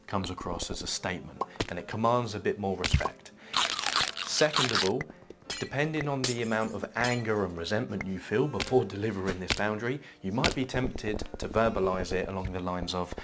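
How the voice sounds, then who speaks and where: A man calmly teaching how to state a boundary, reading example sentences aloud in an instructional video. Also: fairly low pitch, noisy background. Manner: calm, measured, reads example sentences aloud. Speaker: self-help teacher. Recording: loud background music.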